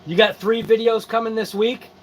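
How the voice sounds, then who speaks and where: A man's voice: sits high, level tone, normal speed, slight background noise, poor audio. A man hosting a hobby channel, chatting casually and sleepily with viewers, yawning and laid-back. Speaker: RC channel host. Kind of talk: casual live-stream chat.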